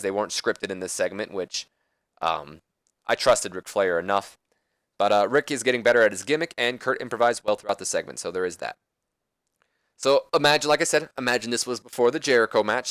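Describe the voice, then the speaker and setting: A man's voice: medium pitch, fairly bright tone, dry recording. A man casually commenting on his wrestling management game, rambling and correcting himself as he goes. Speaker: let's play host.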